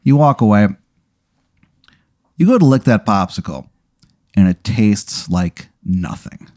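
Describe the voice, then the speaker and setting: A man's voice: fairly low pitch, animated, slow, darkish tone, no room sound, studio quality. A man hosting a comedy podcast, improvising a rambling second-person story and swearing casually. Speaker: podcast host.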